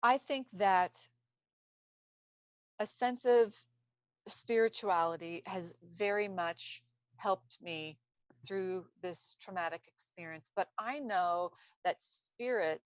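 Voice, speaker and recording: Woman, mid pitch, casual rambling delivery with restarts; lo-fi, dead-dry sound. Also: takes it slowly, clear, resonant tone, no echo. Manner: rambling, searching for words, frequent restarts. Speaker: speaker on trauma recovery. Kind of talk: casual unscripted talk to camera. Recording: dull lo-fi self-recording.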